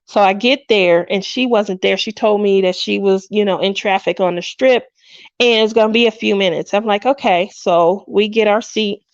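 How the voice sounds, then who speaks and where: A fifty-something woman with a medium-pitched voice and moderate pace hosts a craft livestream. The dry recording has its highs cut off. She's a chatty storyteller who laughs often and acts out what people said.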